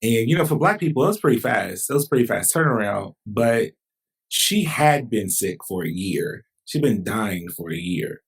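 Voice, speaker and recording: A man's voice: lowish voice, animated, moderate pace, vocal fry, slightly rough. A man, a pastor hosting a podcast, talking in a reflective, conversational way. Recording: distant mic, roomy.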